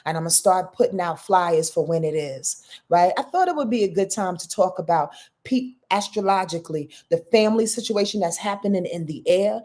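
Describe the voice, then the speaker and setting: A woman's voice: on the low side, brisk, dark tone. A middle-aged woman astrologer hosting a livestream, talking in a casual, emphatic, profane, streetwise manner and calling out to her audience. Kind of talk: casual spiritual talk to a live audience.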